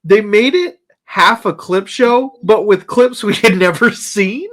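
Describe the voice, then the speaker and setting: A man's voice: high voice, takes it slowly, fairly bright tone. A man co-hosting a casual review podcast, sounding wry and dismissive, with hesitant starts. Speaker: podcast co-host reviewing episodes. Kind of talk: casual chat.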